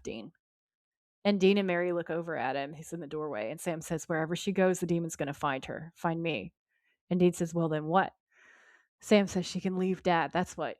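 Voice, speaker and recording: A woman co-hosting a podcast, retelling a TV episode with lively quoted lines in casual chat. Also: fairly low pitch, dry recording, clean studio sound. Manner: lively retelling, quoting characters in her own voice. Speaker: podcast co-host.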